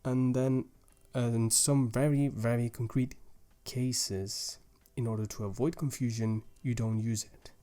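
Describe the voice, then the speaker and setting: A man's voice: mid-range voice, steady tone, measured pace, hardly any pauses, dark tone. A young man patiently explaining grammar rules step by step in a language lesson, with small restarts as he goes. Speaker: language teacher.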